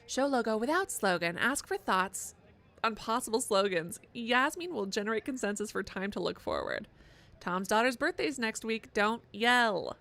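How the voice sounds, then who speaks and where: A woman's voice: on the high side, animated, normal speed, gravelly, fairly bright tone. A woman streaming a game live, chatting and joking sarcastically while she plays. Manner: chatty, sarcastic, swears a lot. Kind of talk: live gameplay commentary.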